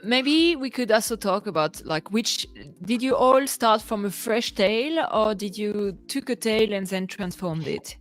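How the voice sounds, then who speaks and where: A woman co-hosts a casual livestream chat in friendly, accommodating tones. She speaks as an at a mid pitch. Faint music plays behind her. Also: animated, a little slow, few pauses. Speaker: co-host.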